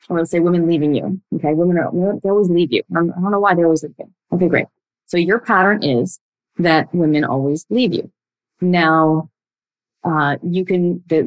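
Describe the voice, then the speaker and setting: A young woman speaks straight to her listeners as a relationship coach. Her voice sits a little low, and she is blunt and emphatic, racing through some phrases and stretching out others. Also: rough recording. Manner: blunt, emphatic, speeds up and slows down a lot. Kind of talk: direct-to-listener coaching talk.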